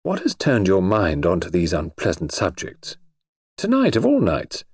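A man's voice: low voice, huge pitch swings, moderate pace, dry recording, studio quality, exaggerated voice. A man playing a charming, bantering husband who hides a menace, in an audiobook reading. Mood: earnest. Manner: bantering, smooth.

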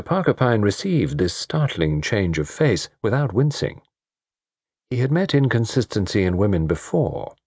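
A man narrating a story in an expressive, varied storytelling delivery. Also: lowish voice, moderate pace, breathy edge, no echo, studio quality. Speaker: audiobook narrator. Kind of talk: scripted narration.

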